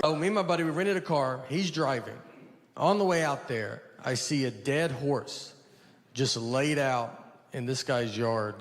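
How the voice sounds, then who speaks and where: Rambling deadpan stand-up comedian. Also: male voice, medium pitch, normal speed. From United States. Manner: rambling deadpan storytelling with many fillers. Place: stage before a laughing audience.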